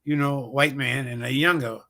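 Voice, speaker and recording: A man's voice: mid-range voice, fairly even intonation, moderate pace, sharp tone. A comedian hosting his own show tells a rambling, profane story full of fillers and repeated "bam, bam". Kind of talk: casual storytelling on a livestream show.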